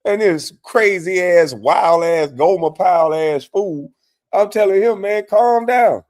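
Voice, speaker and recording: A man's voice: a little high, a little slow, darkish tone. A man hosting a live stream, mocking and cursing his way through commentary on a clip, laughing often.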